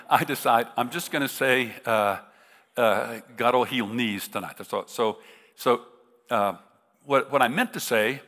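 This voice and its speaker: A man's voice: mid-range voice, sharp tone. A man, a middle-aged preacher, tells a humorous story in a sermon, talking casually with many restarts. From United States. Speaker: visiting preacher. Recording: reverberant hall.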